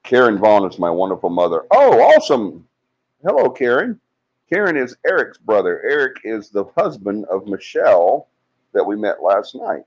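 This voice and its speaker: A man's voice: lowish voice, animated, normal speed. A man hosting a casual livestream, reading out viewer comments and teasing them in a chatty way. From Alabama. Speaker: livestream host. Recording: dull lo-fi livestream audio.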